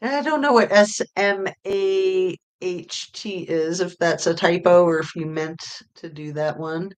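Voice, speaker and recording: A middle-aged woman hosting a true crime livestream, chatting casually with viewers in a rambling way full of fillers. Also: fairly low pitch. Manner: rambling, with many fillers and pauses. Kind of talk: casual livestream chat reading viewer comments.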